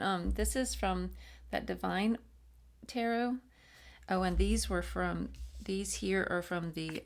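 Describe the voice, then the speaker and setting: A woman's voice: medium pitch, gravelly. A woman doing a chatty, rambling tarot reading, laughing often and dropping into whispers. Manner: slips into soft whispered chants. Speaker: tarot reader. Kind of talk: casual channeled reading.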